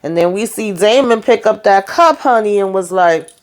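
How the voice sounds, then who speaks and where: A woman with a mid-range, animated voice at normal speed casually recaps a TV episode. She's blunt and outspoken, swears freely, and briefly voices the characters while retelling each scene.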